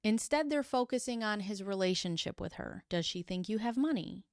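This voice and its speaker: A woman telling a true crime story in a casual way, acting out quotes with quick impressions and adding sarcastic asides. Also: medium pitch, expressive, dry recording, studio quality.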